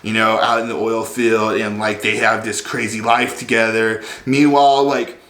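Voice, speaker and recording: A man's voice: fairly low pitch, little pitch movement, normal speed, a bit bright. Guy ranting on his vlog, rambly and sarcastic, lots of "like" and "you know", echoey room. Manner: rambling, heavy on fillers, sarcastic. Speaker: vlogger. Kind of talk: comedic rant. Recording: roomy echo.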